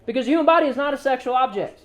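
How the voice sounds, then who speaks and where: A man giving an animated, joking sermon to a youth group as youth pastor, often telling the crowd to listen. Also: very high-pitched, racing. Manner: casual everyday slang.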